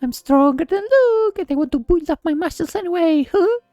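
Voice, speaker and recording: An eager, bouncy young woman student from a visual novel, as a man puts her on. Her high falsetto stays light and upbeat. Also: animated, moderate pace, warm tone, no echo, studio quality, faint music behind. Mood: cheerful. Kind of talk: reading a visual novel aloud.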